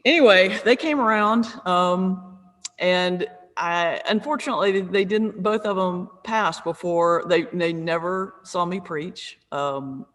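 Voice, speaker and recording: A woman's voice: on the low side, slow pace, a bit bright, long reverb tail. A woman in her fifties from North Carolina, a pastor and comedian, telling humorous self-deprecating stories in an interview over a video call. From North Carolina, USA. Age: 50s. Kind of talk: conversational storytelling.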